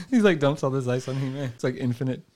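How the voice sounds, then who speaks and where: A man's voice: mid-range voice, lively intonation, fairly quick, darkish tone. Man, podcast co-host, casual chat, rambling, laughs a lot, acts out silly bits.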